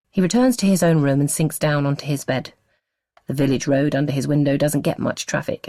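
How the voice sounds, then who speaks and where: Very deep-voiced woman narrating a novel. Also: no room sound, clean studio sound. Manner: expressive storytelling. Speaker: audiobook narrator. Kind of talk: scripted audiobook narration.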